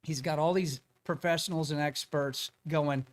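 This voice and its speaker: A man's voice: fairly high pitch, normal speed, hardly any pauses. A man telling a story as a guest in a casual interview, acting out the quotes of the people in it. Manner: animated storyteller, acts out quotes.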